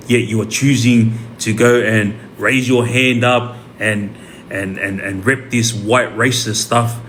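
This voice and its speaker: A man's voice: fairly low pitch, a little hiss or hum. An Australian man talking casually to followers on a livestream, rambling with many fillers and repeated words. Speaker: livestream host.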